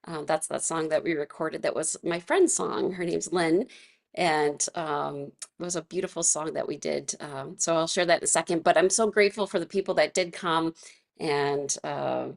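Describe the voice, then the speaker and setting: Her voice sits low and sounds gravelly, with a steady tone and a moderate pace. She's a woman giving casual guided instruction in a wellness class, talkative and quick to laugh, often restarting sentences and using fillers.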